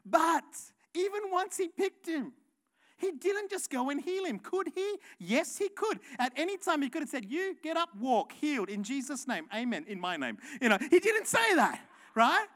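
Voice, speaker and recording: High-voiced woman preaching with fervor. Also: sing-song, moderate pace. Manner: passionate, rising to shouts, rhetorical questions. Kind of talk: sermon.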